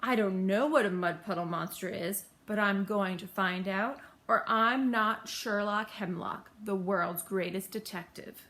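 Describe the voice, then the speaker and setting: A woman voicing a pompous male detective who declaims slowly and grandly. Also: medium pitch, a bit bright. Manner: grand, declaiming, slow and emphatic. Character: pompous self-proclaimed great male detective.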